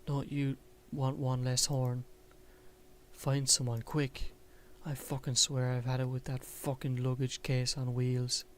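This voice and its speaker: A man's voice: medium pitch, completely flat delivery, slow pace, slight background noise, close to an everyday voice. A man reading the lines of an angry, foul-mouthed young female creature student in a visual novel game, with crude insults. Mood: hostile.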